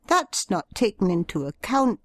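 A woman voicing a shy, large young male fan with a reedy, high voice. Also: very animated, normal speed, husky, dry recording. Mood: matter-of-fact.

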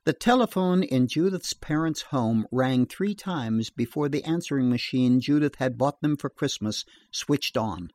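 A man reads a horror story in a steady, measured way. His pace is slow and unhurried. The sound is dry and close. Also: medium pitch, dry recording. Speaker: narrator. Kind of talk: horror audiobook narration.

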